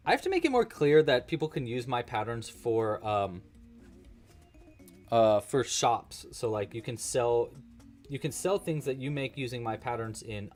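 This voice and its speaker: A man hosting a live crochet-along, chatting casually and joking while he thinks aloud about his work. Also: medium pitch. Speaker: livestream crochet host.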